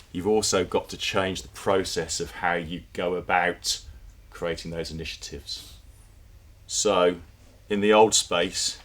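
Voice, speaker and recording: A man's voice: low-pitched, a bit bright. A man giving a conversational conference presentation to an audience, with fillers and repeated words. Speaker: conference speaker. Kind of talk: presentation talk.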